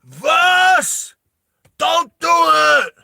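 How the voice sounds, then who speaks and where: A man voicing a brash, wisecracking male harpoon fighter who yells his lines in a raised voice. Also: high voice, normal speed, dry recording, studio quality, pitched above the performer's own voice. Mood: alarmed. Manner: yelling, wisecracking.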